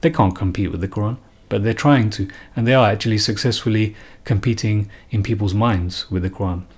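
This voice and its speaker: A man's voice: lowish voice, brisk, breathy edge. A man giving an unscripted religious talk, earnest and emphatic, often repeating and restarting phrases. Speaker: religious commentator.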